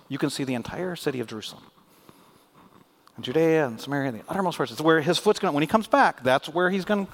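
Male pastor, lively delivery with a wide pitch range, playful and sarcastic while preaching to his church. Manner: animated, joking, with sarcastic asides. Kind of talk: sermon. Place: church in front of a congregation.

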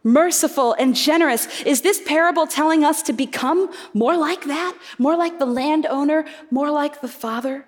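A woman preaching a sermon, earnest and reflective, posing rhetorical questions to her congregation. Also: sits high. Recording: reverberant hall.

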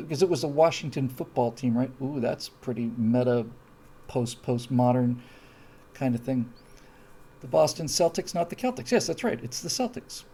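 A man chats casually through viewer comments on his stream, wry and digressive, often breaking off mid-thought. His voice is gravelly with a dark, mellow tone. He sits at a middle pitch for a man. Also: slight background noise. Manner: wry, digressive, self-interrupting. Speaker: live-stream host reading viewer comments. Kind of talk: casual rambling chat.

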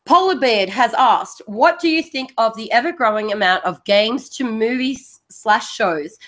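An Australian woman hosting a casual gaming podcast, animated and quick to laugh as she rants. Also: a little high. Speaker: podcast host. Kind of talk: casual chat.

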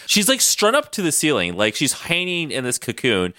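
A man chatting casually as a podcast co-host, his voice bright and swinging widely in pitch. He laughs often and swears freely. The recording is dry and close. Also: huge pitch swings, moderate pace, no room sound. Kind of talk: casual chat.

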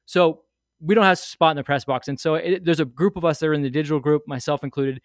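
Podcast guest, male, slightly high voice, rambling animated storyteller, dry close sound. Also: fast, no room sound. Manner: rambling, animated storyteller with many fillers and asides. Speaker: guest sharing a fan memory. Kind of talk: casual storytelling.

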